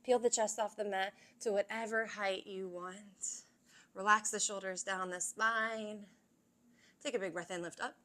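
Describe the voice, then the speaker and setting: A woman's voice: medium pitch, fairly even intonation, unhurried, pushed and bright. A young woman guiding a yoga and strength workout, cueing moves and counting reps in an encouraging way, at times out of breath. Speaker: yoga and fitness instructor. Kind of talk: guided workout instruction.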